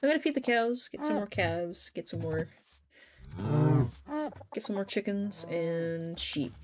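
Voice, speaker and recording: A woman's voice: on the low side, measured pace. A young woman chatting casually while she plays a game on a live stream, telling stories animatedly and swearing now and then.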